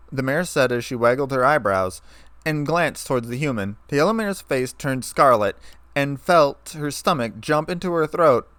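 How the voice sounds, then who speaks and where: A man narrating a fan story in a steady, even reading voice. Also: mid-range voice, moderate pace, no echo.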